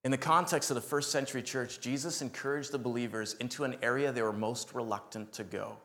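A man preaching a sermon as a missionary, animated and joking, acting out voices in his stories. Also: mid-range voice, brisk.

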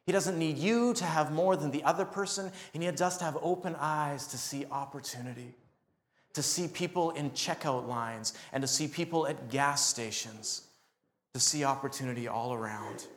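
Animated preacher man. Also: on the high side, moderate pace, roomy sound. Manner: animated storytelling with laughs and acted quotes. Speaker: pastor. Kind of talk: sermon.

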